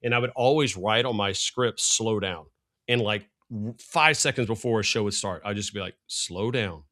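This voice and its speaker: Fast-talking excitable man, bright voice. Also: lowish voice. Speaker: guest, TV sports analyst. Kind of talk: casual podcast chat.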